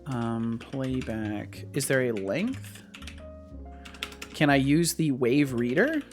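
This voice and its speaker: A man's voice: medium pitch, lively intonation, slow pace, faint music behind. A man streaming live as he codes, thinking aloud and often repeating and restarting his phrases. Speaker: streamer and game developer.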